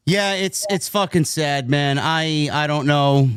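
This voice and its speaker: A man's voice: mid-range voice, normal speed, few pauses, clean tone, dry recording. A man with a New York accent hosting a casual wrestling review podcast. He rants, swears freely and ends his lines with "man" and "bro". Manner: animated, swears a lot, says "man" and "bro". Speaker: show host.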